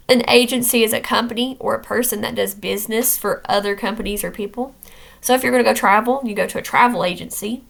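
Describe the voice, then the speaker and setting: This is a woman teacher walking her students through vocabulary and spelling in a recorded lesson. Her voice sits a little high and carries a gravelly edge. She explains each word in plain terms, checks in with a quick "okay?", and is firm about the rules. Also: a bit bright.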